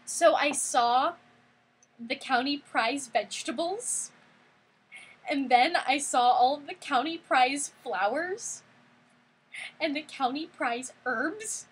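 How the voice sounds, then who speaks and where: Young woman, 18, high-pitched voice, bubbly rambling vlog storytelling, lots of "like". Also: slow pace, long pauses. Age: 18, college student. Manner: excitable, gushing, heavy use of "like". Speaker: vlogger.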